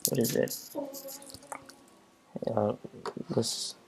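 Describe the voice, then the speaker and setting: A man's voice: lowish voice, measured pace, creaky, long pauses, warm tone, slightly rough. A man commentating on his gameplay and reading game dialogue aloud in a loose, offhand way.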